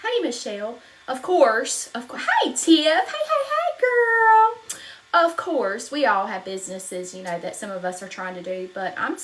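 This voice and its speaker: A woman's voice: medium pitch, a little hiss or hum, poor audio. A woman from North Carolina with a Southern accent, chatting casually while teaching wreath making on a live stream and greeting viewers by name. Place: home craft room.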